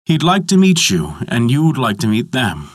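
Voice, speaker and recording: A man's voice: mid-range voice, wildly swooping pitch, moderate pace, dry recording, clean studio sound. A man voicing a sly male trickster god who talks gleefully as he schemes.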